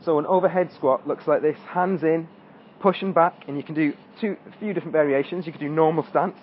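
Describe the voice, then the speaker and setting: Slightly high and slightly fast, a man's voice guides an exercise tutorial as he demonstrates squats, straining during the reps. He's a fitness coach. The audio has its highs cut off and a little hiss or hum.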